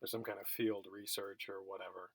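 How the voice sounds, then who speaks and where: A man's voice: lowish voice, level tone, fairly quick, no echo. Chatty self-mocking male lecturer, dry sound. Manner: chatty, self-mocking, many fillers and restarts. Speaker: college geography instructor. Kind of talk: recorded remote lecture, storytelling. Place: at home, recorded for remote teaching.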